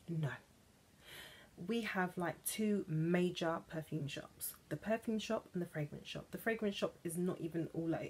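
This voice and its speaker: A woman from England chatting playfully about perfumes, gushing and now and then dropping into soft whispers. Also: fairly low pitch, breathy edge. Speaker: perfume vlogger. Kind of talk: chatty vlog.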